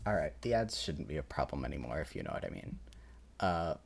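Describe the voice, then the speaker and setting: A man's voice: rumbling low, very animated, fairly quick, creaky, slight background noise. A man casually rambling and reacting while music plays at home, swearing and chuckling now and then. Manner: rambling and laid-back, swears, chuckles often. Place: at home in his room. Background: game soundtrack playing softly.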